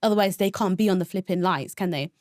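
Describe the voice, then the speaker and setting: Young woman rattling off a story super fast, dry close mic. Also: medium pitch, dry recording. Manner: animated, fast storytelling with many fillers and squealed quotes. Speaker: podcast co-host. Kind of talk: casual chat, storytelling. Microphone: podcast microphone.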